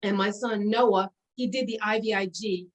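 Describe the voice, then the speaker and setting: Poor audio captures a woman in her forties recounting old stories as a guest in casual conversation. She speaks at normal speed in a mid-range voice, lively and laughing frequently, her speech heavy with fillers.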